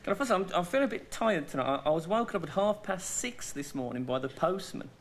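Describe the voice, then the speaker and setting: A man with a Black Country accent, a guest comedian on a television talk show, telling deadpan anecdotes with quick punchlines. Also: high-pitched, slight background noise. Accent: Black Country English. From West Midlands of England. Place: television studio with audience.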